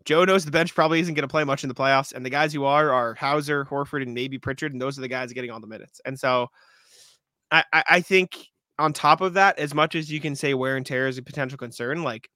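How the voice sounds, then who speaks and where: A man co-hosting a casual sports podcast who reads listener emails and jokes around with his partner, with hiccups and throat clearing. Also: medium pitch, sharp tone, no echo, studio quality. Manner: fast, joking banter with many asides. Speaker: podcast co-host.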